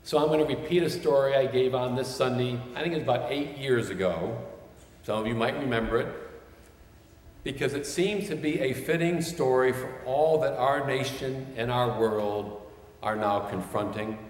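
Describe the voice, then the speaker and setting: A male pastor delivering a sermon at a medium pitch, unhurried and measured, then swelling into forceful, repeated refrains. His voice rings through a large sanctuary with a long, roomy reverb. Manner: measured, building to shouted refrains.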